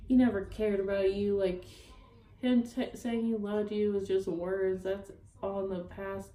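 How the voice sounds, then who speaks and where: A woman's voice: medium pitch, level tone, unhurried, dark tone, echoey room, low-quality recording. A young woman vlogging a rambling, upset story about a breakup, full of fillers and swearing. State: upset, near tears. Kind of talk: ranting storytime vlog.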